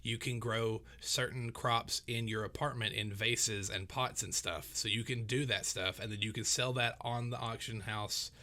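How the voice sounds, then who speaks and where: A man co-hosting a podcast in casual chat, animated and teasing, often restarting his sentences. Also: on the low side, moderate pace, few pauses. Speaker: podcast co-host.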